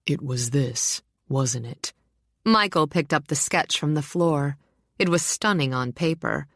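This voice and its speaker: Brief: deep-voiced female audiobook narrator, dry close sound. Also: a bit bright, no room sound. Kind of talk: scripted narration.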